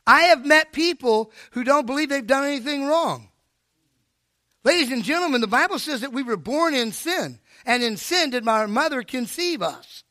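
An older man preaching a sermon at a live church service, animated and preachy, with joking asides. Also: extremely high pitch, moderate pace, dry recording, studio quality. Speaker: pastor.

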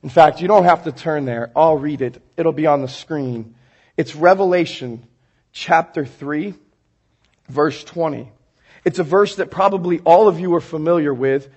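With a somewhat high, slightly rough voice at a moderate pace, this male pastor delivers a sermon in a church sanctuary. He animates everyday stories by acting out the scenes. The high frequencies of the audio are cut off.

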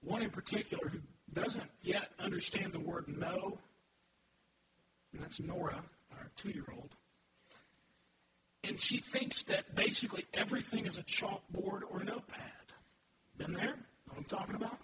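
A man's voice: high-pitched, moderate pace, long pauses. A man in his thirties preaching a sermon as pastor, talking conversationally and asking the congregation questions. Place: church sanctuary. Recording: echoey, distant, noisy room recording.

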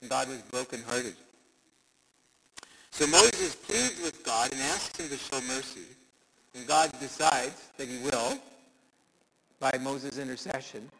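A man preaching a sermon, conversational, with sudden swings between soft and loud. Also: medium pitch, measured pace, gravelly, long pauses, in a large hall, background noise. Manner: conversational with dramatic swings in loudness. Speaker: pastor.

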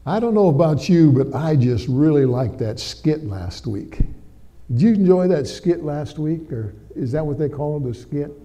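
A middle-aged preacher, a man with a fairly high but deeply mellow, dark-toned voice, delivers a sermon to his congregation. He talks in a folksy, conversational way, sprinkling in amens and little tag questions like he is chatting with old friends from the pulpit. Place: church before a live congregation.

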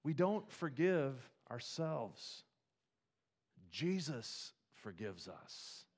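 A man preaching a sermon in a conversational way, asking the congregation rhetorical questions and building to emphatic high points. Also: very animated, very slow. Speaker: pastor.

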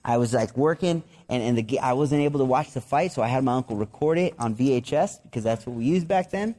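A man preaching a sermon as a pastor, talking to his church in a conversational way, with restarts and repeated words and bursts of animated storytelling. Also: mid-range voice, quick pace. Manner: animated storytelling with excited outbursts.

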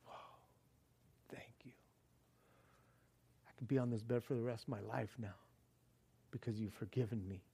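A preacher voicing a hushed, grateful paralyzed man. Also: mid-range voice, fairly even intonation, normal speed, vocal fry, long pauses, breathy edge, voice pushed down. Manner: hushed, awed.

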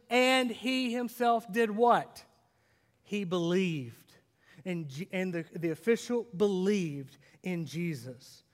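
Preaching in a large hall with long reverb, this very high-voiced man dramatizes the story and puts questions to his audience. He alternates between loud stretches and quiet ones.

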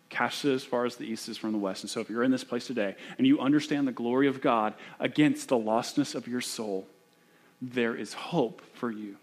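A man preaching a sermon as a pastor in a church, telling stories and building to urgent repeated questions. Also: mid-range voice.

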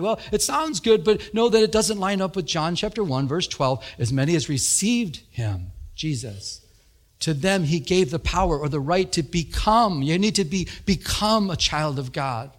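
A man's voice: expressive, normal speed. A male pastor giving a sermon in a church, earnest, repeating himself and lifting his voice for emphasis. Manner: earnest preaching that rises in pitch for emphasis, with frequent repetitions.

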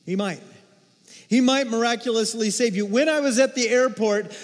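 A man preaching a sermon as pastor, telling a personal story with animated swings between hushed and excited delivery. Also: very high voice, normal speed. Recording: reverberant hall.

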